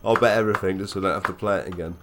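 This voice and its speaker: A man's voice: sits low, racing, background noise. A man with a Black Country accent chatting casually on a live stream while he plays, swearing freely and laughing often. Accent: Black Country English.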